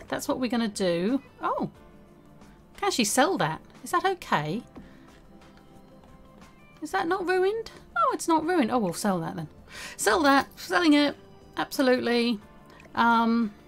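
A young woman chatting casually through a life-sim game as the host, talking to her character as she plays. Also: sits high. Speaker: gaming video host. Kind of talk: casual let's-play commentary.

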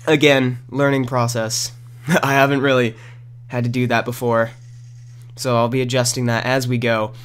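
Guy rambling over his gameplay, mid pitch, yells at the game now and then. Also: little pitch movement, normal speed, clean tone. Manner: chatty and rambling, with sudden loud outbursts at the game. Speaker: gaming commentator. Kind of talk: casual gameplay commentary. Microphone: new desk condenser microphone.

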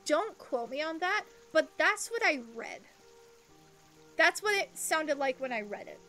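A young woman streaming a game, chatting between lines and reading its dialogue aloud in an excitable, giggly way. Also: high voice, measured pace, soft background music. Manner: excitable, giggly, reads in character voices.

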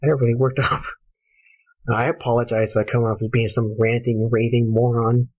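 A man's voice: mid-range voice, flat delivery, brisk, no room sound. A man ranting angrily about a game, with passionate, profane talk. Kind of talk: heated solo rant. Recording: dull lo-fi home recording.

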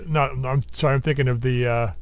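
A man's voice: medium pitch, fairly even intonation, brisk, smooth. Rambling man narrating his gameplay. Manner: rambling, talks to himself and the zombies; mumbling while doing two things at once. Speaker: gaming channel host. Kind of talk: casual let's-play commentary.

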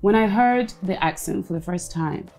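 A woman's voice: medium pitch, normal speed, a little mellow, soft background music, poor audio. A woman, a former reality show contestant, talking frankly in a casual interview and slipping Igbo phrases into her English.

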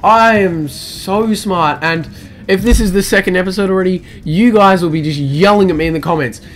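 A man's voice: sits high, fast talker, slight background noise. A young man commentating his own gameplay, panicky and exclaiming, talking to himself as he plays. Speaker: let's play gamer.

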